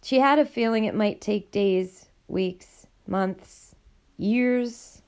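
A woman narrating a novel in a steady, measured reading. Her voice is gravelly and sits at a middle pitch. The delivery stays even and clear throughout. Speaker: audiobook narrator. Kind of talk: scripted narration.

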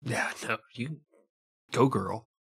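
A man's voice: mid-range voice, slow, bright, forceful tone, slightly rough, no room sound. A man co-hosting a podcast, chiming in with vulgar, joking banter. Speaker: podcast co-host. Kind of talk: casual comedic banter.

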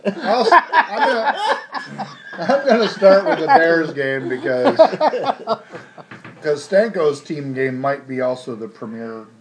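A man's voice: fairly high pitch, big pitch swings, takes it slowly, pauses often, crowd noise. A man co-hosting a sports podcast, chatting casually and ranting with plenty of swearing. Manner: profane, ranting, sarcastic. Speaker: podcast co-host.

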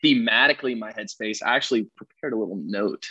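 A man's voice: lowish voice, quick pace, bright, forceful tone, no room sound, muffled recording. A young man, a musician being interviewed, chatting casually in a rambling, jokey and self-deprecating way. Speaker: musician guest.

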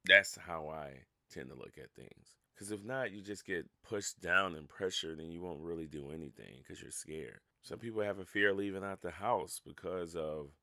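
A man's voice: low-pitched, normal speed, few pauses, pushed and bright, no echo, clean studio sound. A man hosting a casual solo podcast, rambling and self-mocking, laughing at his own stories. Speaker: podcast host.

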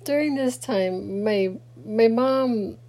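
Slow-talking grieving middle-aged woman. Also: on the high side, dark tone. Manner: rambling, halting, many fillers and restarts; sleepy, late at night. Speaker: vlogger. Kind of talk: casual personal talk to camera.

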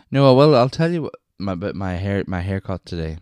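A man's voice: low voice, big pitch swings, a little fast, a little mellow, dry recording, studio quality. A Northern Irish man hosting his own podcast, telling stories in a chatty, rambling way that doubles back on itself. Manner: rambling, chatty, self-interrupting with wee asides. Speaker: podcast host. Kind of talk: casual solo storytelling.

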